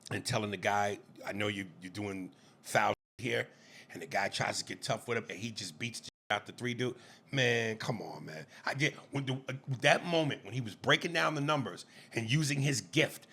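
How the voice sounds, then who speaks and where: A man's voice: on the low side, moderate pace, gravelly, sharp tone, slight background noise. A man co-hosting a podcast in casual chat, speaking emphatically and exclaiming in disbelief. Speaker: podcast co-host.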